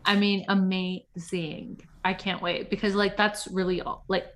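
A young woman co-hosting a casual chat about reality TV, talking fast and laughing often. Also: medium pitch, level tone, a bit bright, slight background noise. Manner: chatty, laughing, quoting people in mock voices. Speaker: podcast co-host.

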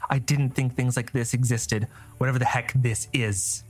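A jumpy young scout, as a man voices him, nervous and unsure of himself. His words come out halting, with small restarts. A storybook figure in a tense spot. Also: mid-range voice, steady tone, faint music behind, close to an everyday voice.

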